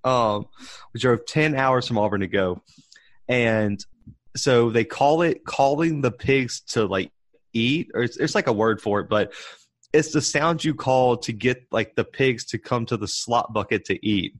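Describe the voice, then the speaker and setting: A young man, co-hosting a casual sports podcast and launching into animated, worked-up rants. His pitch is right in the middle for a man. The sound is dry and close to a desk mic. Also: measured pace, no echo. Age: young adult. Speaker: podcast co-host. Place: home setup, rolling desk chair. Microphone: desk microphone.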